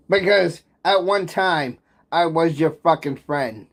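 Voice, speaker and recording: A man's voice: a little high, slow pace, creaky. Bitter man in a profane livestream rant.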